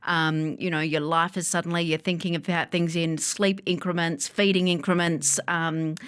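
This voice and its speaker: A woman, a psychologist speaking calmly and reassuringly in a podcast interview, with frequent fillers. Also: lowish voice, normal speed, smooth. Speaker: psychologist guest.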